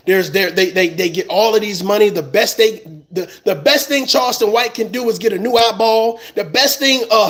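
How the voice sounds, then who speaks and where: Man, very high voice, heated profane rant, repeats himself, commentary. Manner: heated, profane, repeats words when worked up. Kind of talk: impassioned rant.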